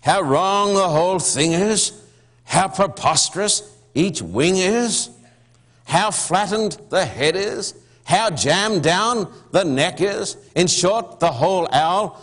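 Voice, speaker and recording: A man's voice: sits high, expressive, slow pace, a bit bright, voice pushed up, full character voice. A man doing a pompous young know-it-all. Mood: indignant lecturing. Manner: indignant, lecturing, know-it-all. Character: pompous young man, self-styled owl expert.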